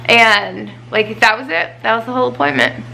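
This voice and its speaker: A woman's voice: fairly high pitch, normal speed, vocal fry, pushed and bright, a little hiss or hum, low-quality recording. A woman vlogger chatting casually, venting her frustration over a doctor's appointment after a week of crying. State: upset, recently crying. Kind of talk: casual chat.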